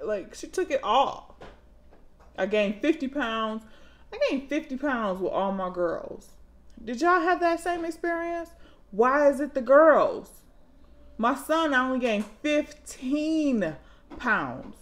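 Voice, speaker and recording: A woman in her thirties telling stories about her kids in a casual vlog, dramatic and animated, jumping into loud high outbursts when she acts out moments. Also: slow. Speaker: mom vlogger.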